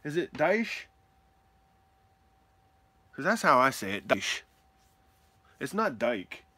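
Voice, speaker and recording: Animated excitable man, slow and bright. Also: on the high side, no room sound. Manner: animated, whoops and laughs often, talks to chat. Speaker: card collecting live streamer. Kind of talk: excitable live stream mail-day chat.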